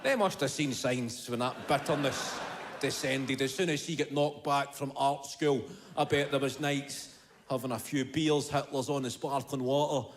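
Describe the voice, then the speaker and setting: A Scottish man in his thirties doing stand-up comedy, telling an animated, profane story. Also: medium pitch, normal speed, slight background noise.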